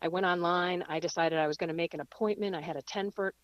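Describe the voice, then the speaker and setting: A woman guest calling in to a radio show from her car, telling a lively story and laughing easily. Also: lowish voice, fast talker, no echo, lo-fi sound. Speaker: guest speaker. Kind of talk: live radio chat and reflection. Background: rain.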